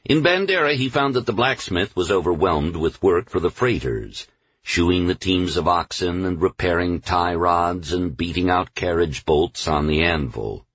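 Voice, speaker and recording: A man reading a novel aloud as a narrator, in a measured storytelling manner. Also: low voice, animated, fairly bright tone, slightly rough, no echo. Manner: measured storytelling, slows on lists. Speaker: audiobook narrator. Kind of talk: scripted narration. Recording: dull, dry studio recording.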